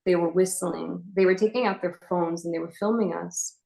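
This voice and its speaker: A young adult woman gives a personal testimony as an inspirational speaker. Her voice sits low and has a gravelly, creaky edge. She tells the story earnestly and haltingly, with frequent fillers. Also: fairly even intonation, warm tone, rough recording.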